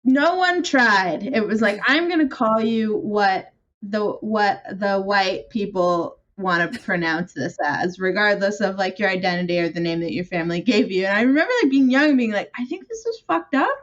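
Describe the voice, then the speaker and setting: A woman's voice: mid-range voice, normal speed. A woman co-hosting a podcast, chatting casually in a thoughtful, reflective way. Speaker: podcast co-host. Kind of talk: casual chat. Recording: dull lo-fi mic.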